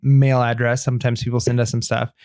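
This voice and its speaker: A man's voice: mid-range voice, level tone, brisk, darkish tone, no echo, clean studio sound. A man co-hosting a casual podcast, rambling and friendly, with many fillers. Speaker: podcast co-host.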